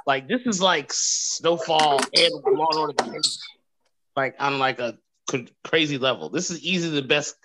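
A man's voice: a little high, normal speed, pushed and bright, dry recording, low-quality recording. A young man co-hosting a podcast, arguing his opinions casually with curse words and restarts. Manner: opinionated, profane, hesitant restarts. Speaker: podcast co-host. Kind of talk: casual chat.

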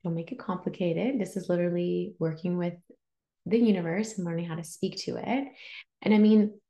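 A woman hosting a casual spiritual podcast, chatty and animated, acting out inner voices as she teaches. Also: fairly low pitch, moderate pace, roomy sound. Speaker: podcast host and Reiki teacher.

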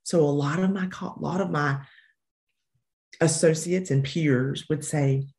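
A woman with a Southern American accent, answering interview questions as an education consultant and coach in an earnest, emphatic way, slowing down to stress key phrases. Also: low voice, darkish tone.

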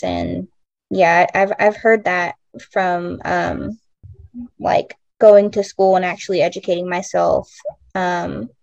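A young woman joins a podcast discussion over a video call. Her voice is creaky and she speaks hesitantly, full of fillers and pauses. The call audio is dull and lo-fi, with a dry sound. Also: fairly low pitch, no echo. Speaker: podcast guest. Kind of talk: casual discussion.

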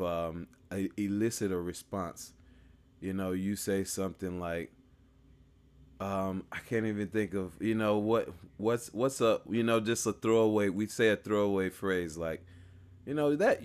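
A man's voice: deep voice, measured pace, smooth. A man talking casually about faith, hesitant and searching for his words with frequent restarts.

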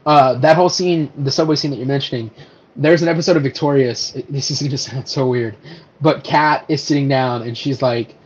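A man co-hosting a casual podcast, chatting about movies in a loose, animated way. He laughs easily and swears offhand. The audio is a bit dull and lo-fi. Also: medium pitch, fairly quick. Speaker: podcast co-host. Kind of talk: casual podcast chat about superhero films.

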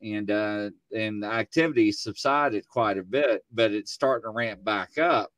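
A man hosting a casual chat show from his studio, telling stories with lively acted-out quotes. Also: lowish voice, a little slow, dry recording. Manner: animated storyteller, acts out quotes. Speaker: host. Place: home studio.

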